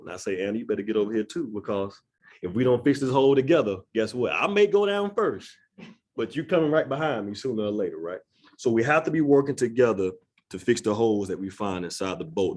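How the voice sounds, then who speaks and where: The executive director of a neighborhood nonprofit gives an earnest, conversational community presentation in a church room, often checking in with "right?". His voice is fairly low and a little mellow.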